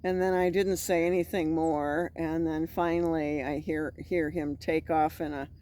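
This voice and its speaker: A woman's voice: low-pitched, little pitch movement, a little slow, mellow. A woman vlogger casually retelling a scary night, acting out the voices she quotes. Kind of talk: casual storytelling.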